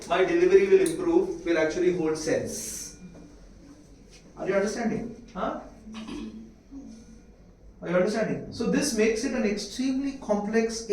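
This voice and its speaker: High-voiced Indian man lecturing in an echoey room. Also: a little mellow. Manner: keeps quizzing the audience with rhetorical questions. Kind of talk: medical lecture to students. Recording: echoey room, mic far off, faint hiss.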